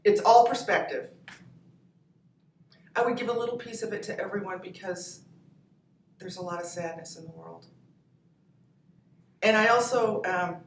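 Animated comedian woman in an echoey room. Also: on the low side, slight background noise. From New Hampshire, US. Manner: animated, laughing storyteller. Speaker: comedian guest. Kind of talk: podcast interview. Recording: echoey room, distant mic, faint ambience.

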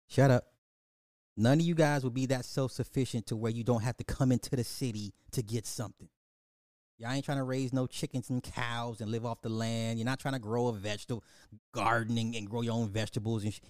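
A man's voice: medium pitch, a little mellow, no echo. Profane ranting man, dry podcast. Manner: profane, mocking, scolding the listeners. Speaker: podcast host. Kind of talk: ranting social commentary.

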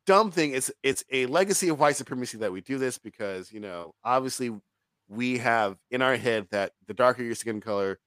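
A man co-hosting a casual film review podcast, talking in an animated, profane way and laughing often. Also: medium pitch, fairly quick, clean tone, no echo.

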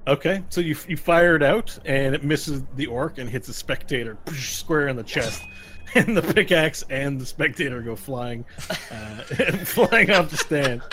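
A man's voice: a little high, expressive, unhurried, a bit bright, slight background noise. A man narrating as game master of a tabletop game, laughing often and correcting himself as he goes. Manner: loose, rambling and self-correcting.

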